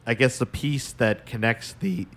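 A man's voice: medium pitch, animated, unhurried, fairly bright tone. A man co-hosting a podcast in casual chat, laid-back and rambling. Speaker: podcast co-host.

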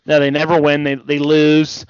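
A man's voice: on the high side, monotone, normal speed, smooth, no room sound. A man co-hosting a casual wrestling podcast, rambling and hesitant with many restarts, a bit tired. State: yawning, tired. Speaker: podcast co-host. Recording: dull dry podcast audio.

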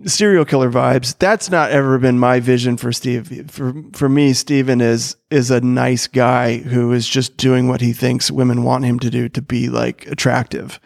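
A man's voice: mid-range voice, steady tone, moderate pace, gravelly, hardly any pauses, dry recording, studio quality. A middle-aged comedian in casual conversation, rambling and restarting his sentences as he explains. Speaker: character comedian, podcast guest.

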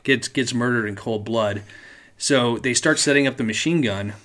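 A man co-hosts a casual podcast and walks through a piece of history in a loose, rambling way. He often stops and restarts his sentences, and his voice sits at an ordinary middle pitch. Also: moderate pace, a bit bright. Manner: rambling with frequent restarts and laughs. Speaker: podcast co-host.

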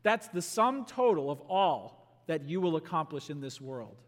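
A man with a high voice preaches a sermon in a church sanctuary. He teaches through the text, rising into emphatic bursts and slowing to stress key words. His voice carries a long echo through the hall. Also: big pitch swings. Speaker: pastor.

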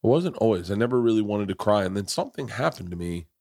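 A man's voice: fairly low pitch, animated, fast, a little mellow, slight background noise. Boisterous, profane man hosting a podcast. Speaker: podcast host. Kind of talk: casual podcast chat.

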